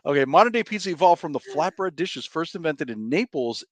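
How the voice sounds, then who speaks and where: A man's voice: on the high side, lively intonation, brisk. A man co-hosting a livestream trivia game, casual and jokey, breaking into mock-outraged rants. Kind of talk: casual chat.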